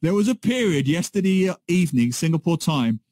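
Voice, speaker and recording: A man co-hosting a radio show, telling a story in a lively, animated way in casual chat. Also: on the high side, brisk. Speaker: radio co-host. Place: radio studio.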